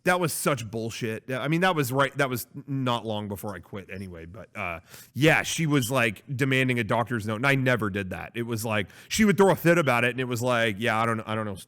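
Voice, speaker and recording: A man's voice: medium pitch, expressive, fairly quick, fairly bright tone. A man co-hosting a casual chat show, rambling with lots of fillers and restarts. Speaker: podcast co-host.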